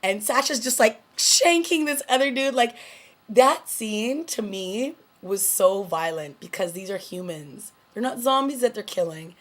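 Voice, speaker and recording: A woman's voice: fairly high pitch, animated, a little slow. A woman hosting her own TV review channel, casually recapping an episode and quoting its characters with a laugh. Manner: chatty, recaps scenes with quoted lines and laughs. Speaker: TV review host.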